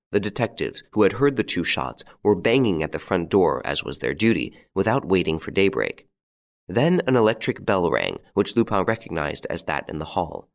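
Deep gravelly male audiobook narrator. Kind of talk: scripted narration.

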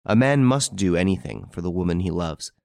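Male reader as a gallant gentleman adventurer, low, assured, lively lilt, storybook. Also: fairly quick, creaky, no echo, clean studio sound. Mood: tender.

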